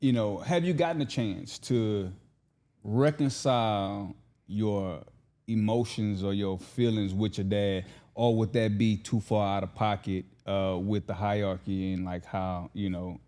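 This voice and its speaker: A man hosting a casual interview, relaxed and conversational, often agreeing with quick yeahs. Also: on the low side. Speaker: host.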